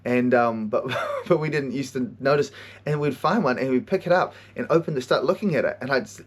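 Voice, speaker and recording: A man hosting a podcast, telling stories in an animated way, swearing a lot and often laughing. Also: medium pitch, fast. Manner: animated storytelling, heavy swearing, frequent laughter. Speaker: podcast host and counselor. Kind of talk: casual monologue.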